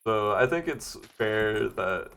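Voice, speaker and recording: A young man with a deep voice co-hosting a podcast, chatting casually in a rambling way and laughing often. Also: animated, takes it slowly, gravelly, a bit bright, smooth. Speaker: podcast co-host. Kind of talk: casual chat.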